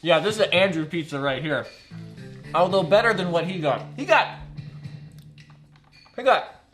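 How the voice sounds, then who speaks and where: A man's voice: high voice, animated, moderate pace, fairly bright tone, faint music behind. A young man chatting casually on a live stream at his computer, rambling and often laughing.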